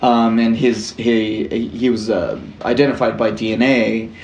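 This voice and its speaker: A man co-hosting a casual true-crime podcast, relaxed and halting, with fillers and restarts. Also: lowish voice, echoey room, dull audio, slight background noise. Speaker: podcast co-host.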